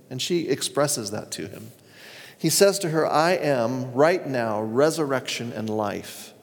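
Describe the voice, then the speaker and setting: Earnest male pastor in a reverberant hall. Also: mid-range voice. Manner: earnest storytelling, reads scripture aloud. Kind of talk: sermon.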